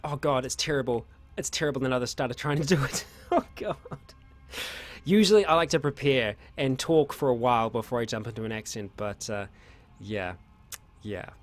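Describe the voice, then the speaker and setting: A man's voice: medium pitch, brisk, faint music behind. A young man hosting a casual Q&A, reading out viewer questions and answering in a chatty, rambling way with many fillers and restarts. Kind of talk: casual livestream Q&A.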